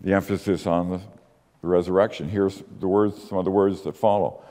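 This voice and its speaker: A man's voice: low-pitched, fairly even intonation, dark tone. Emphatic male preacher in a reverberant hall. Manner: emphatic, with rhetorical questions and slow stressed words. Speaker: pastor. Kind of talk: sermon.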